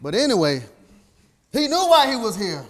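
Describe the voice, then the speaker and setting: A man's voice: sits high, very animated, normal speed. A man preaching a sermon, quoting scripture by chapter and verse and rising to near-sung emotional peaks.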